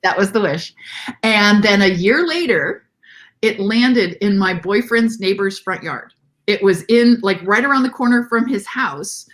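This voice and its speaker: A middle-aged woman, a guest in an interview, telling a story in a lively, animated way and acting out quoted voices. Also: mid-range voice, a little slow. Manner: animated storyteller who acts out quotes in a lifted voice.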